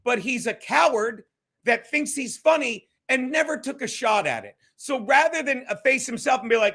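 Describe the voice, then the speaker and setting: A man's voice: very high voice, lively intonation, moderate pace, bright, forceful tone. A man hosting a livestream, ranting profanely about critics and thanking viewers by name. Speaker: livestream host.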